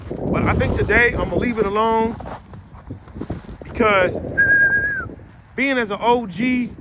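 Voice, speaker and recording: Man, middle-aged, high voice, blunt preachy dog-breeder rant, loud wind and boat noise. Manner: blunt, preachy, slangy advice. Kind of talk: outdoor vlog rant.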